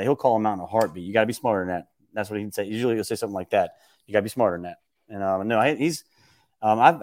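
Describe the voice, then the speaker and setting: A man's voice: fairly low pitch, darkish tone, no echo, clean studio sound. A man guest telling stories casually, acting out quotes in a raised voice and laughing often. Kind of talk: casual podcast storytelling.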